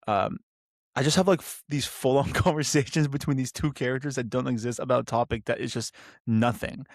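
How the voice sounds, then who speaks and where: A man's voice: medium pitch, vocal fry, no room sound, studio quality. A young man hosting a solo podcast, rambling and interrupting himself with lots of fillers. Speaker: podcast host.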